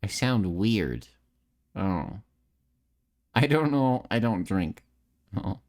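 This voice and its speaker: A man's voice: lowish voice, animated, extremely slow, a little mellow. Tipsy male streamer, nasal tone, slight lisp, rambling, self-deprecating chat on a close mic. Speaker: streamer and voice actor. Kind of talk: casual live-stream chat. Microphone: close desk microphone.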